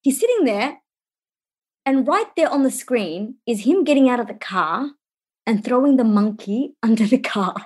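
A woman, co-hosting a casual podcast and telling animated stories with casual swearing. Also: on the high side, moderate pace, husky. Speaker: podcast co-host. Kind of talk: casual chat.

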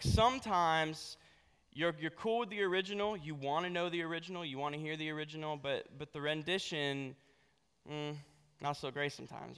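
A man's voice: a little high, fairly bright tone, smooth. A young adult man giving a casual sermon as a pastor, telling a story and often checking in with "right?". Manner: conversational, asks "right?" often. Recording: long hall reverb.

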